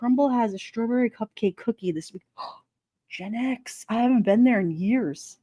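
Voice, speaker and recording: A woman chats on a relaxed livestream, talking straight to her viewers with blunt, playful humor and frequent laughter. Her voice sits a little high, and the sound is close and dry with no room echo. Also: a little slow. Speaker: livestream host. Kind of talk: casual live chat with viewers.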